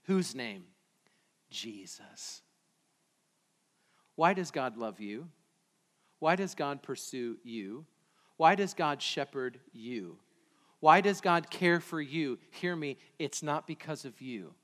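A man preaching a sermon as pastor in a church, moving from quiet prayer to loud, emphatic preaching. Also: medium pitch, animated, slow, pauses often. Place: church sanctuary. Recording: long hall reverb.

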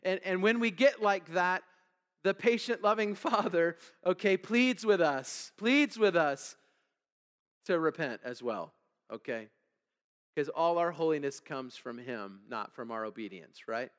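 High-voiced pastor in a reverberant hall. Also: male voice, unhurried, fairly bright tone. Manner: conversational preaching with frequent "okay?" and "all right?" check-ins; reads scripture aloud and asks the congregation to fill in words. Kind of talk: sermon. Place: church sanctuary.

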